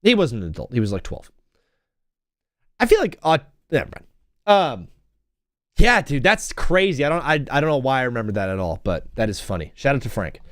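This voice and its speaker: A man's voice: mid-range voice, sing-song, brisk, pauses often, no room sound, studio quality. A young man hosting a live stream from home, rambling through stories and chanting old cheers. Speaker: host. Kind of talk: casual live-stream chat.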